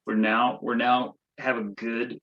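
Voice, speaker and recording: A man's voice: medium pitch, little pitch movement, slow. A man hosting an interview, asking questions in a hesitant way with many fillers. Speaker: chiropractor host. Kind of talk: interview conversation. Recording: dull lo-fi audio.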